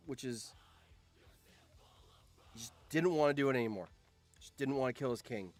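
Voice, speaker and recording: A man's voice: medium pitch, normal speed, long pauses, darkish tone, no room sound, faint music behind. Laughing man streaming a game. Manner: laughs often, reads out results, swears. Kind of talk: casual game commentary.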